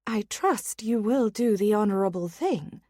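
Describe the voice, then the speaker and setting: A woman reading a proper, reproving mother who speaks softly and firmly in an audiobook. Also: medium pitch, expressive, measured pace, no room sound, clean studio sound. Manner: soft and firm.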